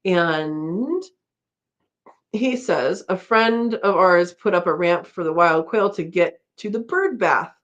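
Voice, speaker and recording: A woman's voice: fairly low pitch, slow. A middle-aged woman hosting a casual live-stream chat, rambling and laughing often as she reads out comments. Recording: dull lo-fi stream audio.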